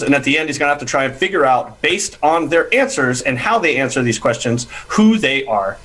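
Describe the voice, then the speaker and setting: A man hosting an improv comedy podcast, his voice sitting high. He talks in an upbeat, chatty way, walking the players through each game. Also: fairly bright tone. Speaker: improv show host.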